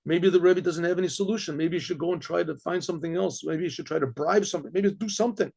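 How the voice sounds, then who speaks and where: A middle-aged man narrates a story in a gravelly, slightly high voice. He often clears his throat and stumbles over repeated words as he goes. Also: fast, darkish tone. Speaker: storyteller rabbi.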